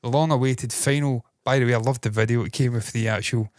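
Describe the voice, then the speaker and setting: A man's voice: mid-range voice, fairly even intonation, fast talker, dry recording. A man hosting a casual entertainment news show, speaking in a put-on Scottish accent, swearing freely and rambling with a chesty cough. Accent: mock Scottish, put on. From Britain.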